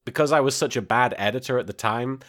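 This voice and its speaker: A man's voice: medium pitch, quick pace, fairly bright tone. A man in his thirties hosting a casual podcast, telling stories with lots of fillers and restarts. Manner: rambling, filler-heavy storytelling. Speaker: podcast host and abridged-series creator.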